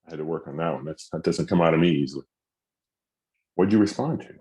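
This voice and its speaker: A man's voice: a bass voice, fast talker, darkish tone. A middle-aged man giving a masterclass talk as a mental fitness coach, earnest, acting out spoken phrases with shifting inflection.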